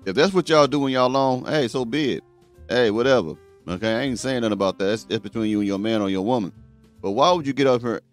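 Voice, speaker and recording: A man hosting a reaction commentary show, talking bluntly and scolding his viewers. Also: lowish voice. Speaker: host.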